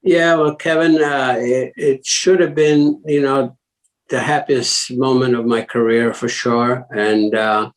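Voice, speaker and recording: An older man speaks as a podcast guest, from Italy originally. He rambles through his stories with many fillers, restarts and small chuckles, and his voice sits at an ordinary mid pitch. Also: steady tone, takes it slowly, poor audio. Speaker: guest, former racing driver. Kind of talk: casual interview talk.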